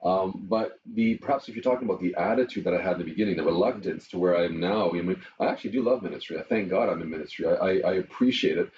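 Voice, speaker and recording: A middle-aged man, a pastor telling stories in an interview in an animated way, with frequent chuckles. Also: sits low, very fast, hardly any pauses, recorded from a distance. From Canada. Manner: animated storyteller, chuckles often. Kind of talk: interview conversation. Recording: muffled lo-fi with faint noise.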